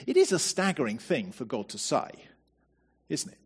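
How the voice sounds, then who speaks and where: Man giving a sermon, kinda husky, chatty, lots of "isn't it?" questions, stumbles on first words. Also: medium pitch, wildly swooping pitch, normal speed. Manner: conversational, asks rhetorical questions, repeats words when starting. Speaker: preacher.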